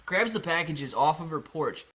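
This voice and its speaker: Energetic young man hosting a stream. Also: a little high, normal speed, breathy edge. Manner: energetic, chatty, reads chat aloud. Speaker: livestream host. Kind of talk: live stock-market Q&A.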